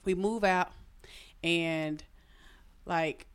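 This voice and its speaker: A woman telling a personal story in casual chat, animated and frank, swearing freely. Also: drawn-out words, clean tone. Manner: animated, swoops her voice high when reenacting.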